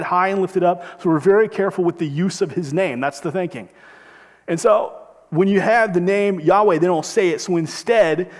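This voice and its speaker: A man with a fairly high voice preaches a sermon in earnest, pushing his voice up and pulling it back down to stress his points. His words ring out with the long reverb of a church hall. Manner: earnest preaching, emphatic rises and drops. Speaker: pastor.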